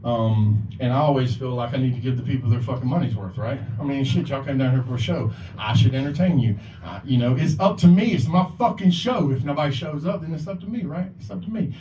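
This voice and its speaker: A warm-toned man of medium pitch speaks quickly with barely any pauses while hosting an open mic at a bar or club, swearing heavily and slipping into the voices of the people he quotes as he rambles. The recording is lo-fi, echoey and distant, with a faint hiss or hum.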